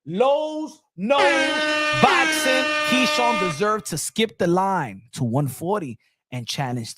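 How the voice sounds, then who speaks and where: Male boxing streamer, rowdy and trash-talking, high and very animated, dry mic. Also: no echo. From Dominican Republic family roots. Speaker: boxing channel host. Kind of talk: excited live commentary.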